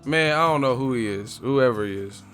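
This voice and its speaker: A man's voice: medium pitch, moderate pace, fairly bright tone, faint music behind. A man hosting a boxing live stream, ranting casually and profanely with jokes. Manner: profane, laughing, joking. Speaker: boxing channel host.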